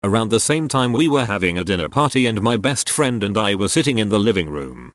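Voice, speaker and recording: A man reading short anecdotes aloud in a steady, matter-of-fact way. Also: lowish voice, fairly quick, no room sound, clean studio sound. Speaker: narrator reading online posts.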